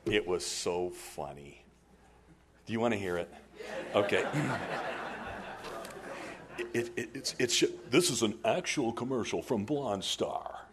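A man preaching a sermon as a pastor, telling stories in an animated way and laughing often. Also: on the low side, slow, long pauses, a crowd in the background.

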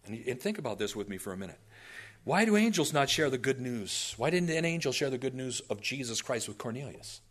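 A man's voice: medium pitch, sing-song, brisk, a bit bright. A male pastor preaching a sermon, telling stories animatedly with asides to the congregation.

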